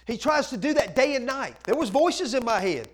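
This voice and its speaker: A man's voice: very high voice, expressive, normal speed, poor audio. A man pastor preaching a sermon in a church, impassioned and driving his points home with emphatic repetition.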